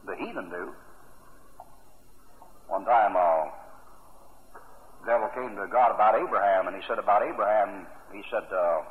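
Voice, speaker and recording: A man's voice: fairly low pitch, moderate pace, pauses often. A man preaching a sermon in a folksy, conversational way, mixing scripture with homely humor. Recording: tinny phone-like old sermon tape.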